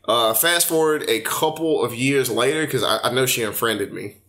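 A young man in casual podcast chat, telling stories with animated quoted voices. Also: mid-range voice, normal speed.

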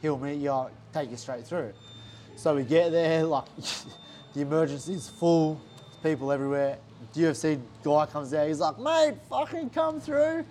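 A man's voice: fairly high pitch, fairly even intonation, moderate pace, mellow, a little hiss or hum. A young Australian man, a fighter, telling a story in a casual interview, swearing a lot and acting out what others said. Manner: swears a lot, acts out quotes animatedly.

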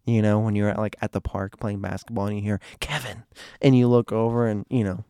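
A man's voice: on the low side, level tone, quick pace, mellow, clear, resonant tone, no echo, clean studio sound. A young man talking casually to his viewers in a rambling, digressive way, restarting his sentences often.

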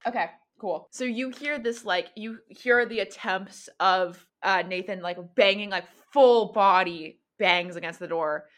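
A woman's voice: mid-range voice, fairly bright tone. A woman narrating as game master of a tabletop role-playing game, chatty and full of fillers. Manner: quick, chatty, lots of fillers.

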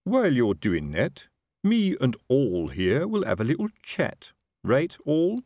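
A man's voice: mid-range voice, wildly swooping pitch, takes it slowly, a little mellow, no room sound, studio quality, voice pushed up, heavily acted. A man voicing a blustering, self-important middle-aged sergeant in an audiobook, with a raised, wheedling voice. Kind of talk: audiobook character voice.

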